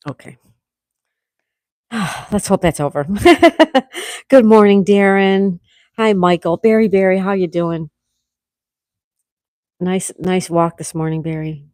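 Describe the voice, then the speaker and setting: A woman hosting a casual live chat, greeting viewers by name and gently scolding her dog, with a sore throat coming on. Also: fairly low pitch, slow, pauses often, dry recording, studio quality. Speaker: livestream host.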